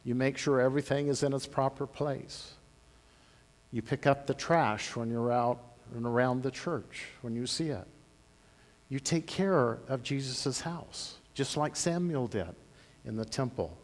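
A man pastor telling a Bible story to children in a church, animated, with big swings in loudness. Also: mid-range voice, a little slow. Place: church sanctuary. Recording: long church-hall reverb.

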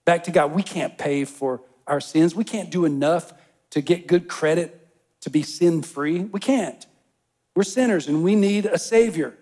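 A man's voice: fairly high pitch, a little slow, a little mellow. A pastor preaching a sermon, reading a parable and speaking straight to his congregation with rising emphatic bursts. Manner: addresses the congregation directly.

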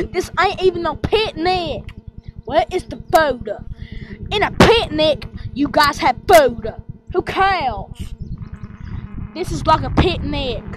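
A woman's voice: high-pitched, noisy background. A woman voicing toy characters in a fan skit, bickering and trading childish insults.

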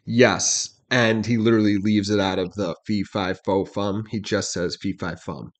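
A man with a somewhat low voice leads a relaxed lyric breakdown for his reaction channel. He reads quoted bars slowly and deliberately, then unpacks them in plain chat, often asking "you know what I mean?". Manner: explains lines step by step, often asks "right?" and "you know what I mean?". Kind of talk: casual breakdown of rap lyrics.

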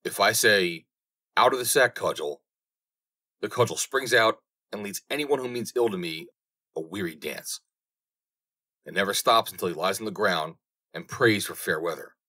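A man's voice: on the low side, normal speed, long pauses, bright, forceful tone. A man voicing a proud, bold young turner apprentice in a storybook reading, speaking in formal old-fashioned phrasing. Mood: confident.

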